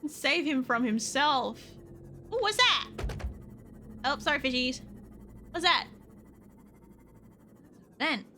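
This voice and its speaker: A young woman streaming a game, chatting to herself and yelling and swearing at the creatures on screen. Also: sits high, slow, long pauses, soft background music. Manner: expressive, swears and yells at the game. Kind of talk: casual gameplay commentary.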